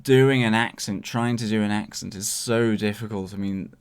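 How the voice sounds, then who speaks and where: Smooth-voiced man rambling on a podcast. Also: fairly low pitch, steady tone, moderate pace. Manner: rambling, searching for words. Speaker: podcast co-host. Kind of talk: casual TV review chat.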